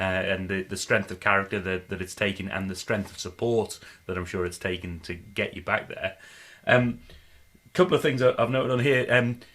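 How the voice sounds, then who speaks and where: A man hosting a podcast, asking questions in a hesitant, casual way with frequent pauses and restarts. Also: lowish voice, a bit bright. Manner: hesitant, lots of ums and restarts. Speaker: podcast host. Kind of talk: casual interview.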